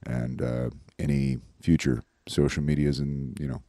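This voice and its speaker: A man's voice: very deep voice, flat delivery, unhurried, warm tone, no echo, studio quality. A man, a comedian hosting a podcast, giving a rambling, loose wrap-up full of fillers. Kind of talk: casual show wrap-up.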